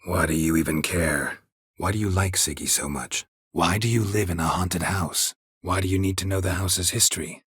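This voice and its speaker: An actor playing a gruff, laconic middle-aged monster hunter in a game, with a husky voice and clipped, dryly sarcastic questions. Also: male voice, no room sound. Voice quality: husky, gravelly low voice. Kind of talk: game voice acting. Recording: dry close studio recording.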